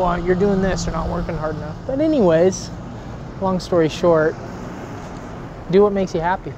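A man's voice: on the high side, dull audio, background noise. A man hosting a casual vlog, chatty and rambling, sometimes losing his thread. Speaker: vlog host.

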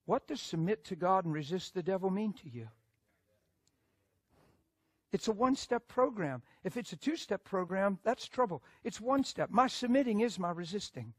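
A male preacher delivering a sermon as a story. His voice sits fairly high, and he swings from loud, emphatic bursts to quiet asides. The sound is dry and close, with little room around it. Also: lively intonation, moderate pace, breathy edge, no room sound.

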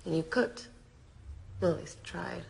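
An actress playing a worried young woman who speaks softly and earnestly and grows blunt in a film drama. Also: fairly low pitch, unhurried, creaky, breathy edge, exaggerated voice. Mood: tender. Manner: soft and earnest, sharpening into blunt reproach. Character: worried young woman confronting her lover.

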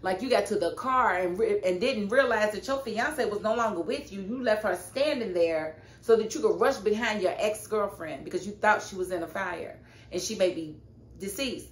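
A woman reviewing a TV episode in a casual, animated and sassy way, often scolding the characters directly. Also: medium pitch, normal speed. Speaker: TV show reviewer. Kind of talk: casual TV recap vlog. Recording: echoey room with faint noise.

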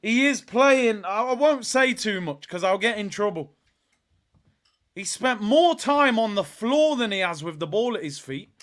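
A young man hosting a live football watch-along, reacting with frustration and shouting at the players. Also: sits high, expressive, moderate pace. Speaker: fan watch-along host.

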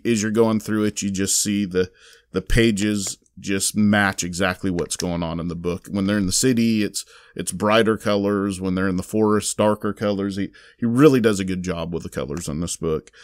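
A Southern man with a lowish voice chats through a comic plot on a podcast. He rambles and restarts, filling gaps with "uh". The sound is close and dry, with no room around it. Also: fairly even intonation, moderate pace, dry recording. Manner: rambling recap with many fillers and restarts. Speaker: podcast co-host reviewing comics. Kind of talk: casual podcast chat.

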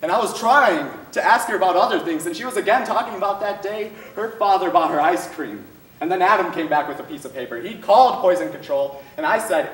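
A teenage boy performing a dramatic monologue for a speech competition, intense, swinging between loud outbursts and hushed lines. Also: high voice, animated, brisk. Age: teens. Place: school performance room. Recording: echoey room, mic far off.

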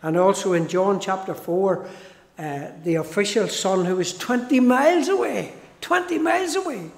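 A man preaching a sermon in a church, slow and emphatic, repeating key phrases for weight. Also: high-pitched, lively intonation. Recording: echoey church hall.

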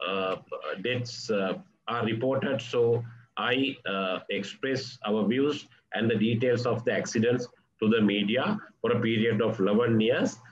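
Halting Sri man, formal address. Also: medium pitch. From Sri Lanka. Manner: halting, formal delivery full of uh fillers. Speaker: police official giving a presentation. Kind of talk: formal conference presentation. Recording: dull lo-fi audio with faint background noise.

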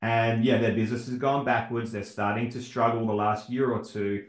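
A man's voice: mid-range voice, flat delivery, moderate pace. Man, host of a video call, chummy and jokey, roomy echo on the voice. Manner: jokey, chummy, says "mate". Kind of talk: casual hosting on a video call.

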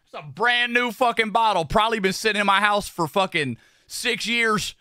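A man's voice: high-pitched, moderate pace, sharp tone, smooth, dry recording, clean studio sound. Slangy, profane young man streaming. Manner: profane, slangy, rambling with repeated phrases. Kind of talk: casual livestream chat while doing makeup.

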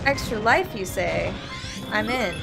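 A woman's voice: mid-range voice, measured pace, creaky. An Australian woman streaming a platform game, chatting casually, yelping and laughing as she plays. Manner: excitable, yelps and laughs at the game. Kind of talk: live game-stream chat. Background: game music.

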